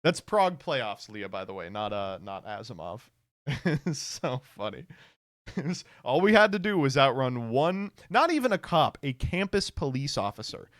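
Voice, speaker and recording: A man's voice: medium pitch, normal speed, no echo. A young man spins a college story for his stream, his voice leaping up and down as he acts out the people in it. He is sarcastic and laughs easily, and he sits close to a dry mic. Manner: animated, sarcastic, jumps into quoted voices, laughs often.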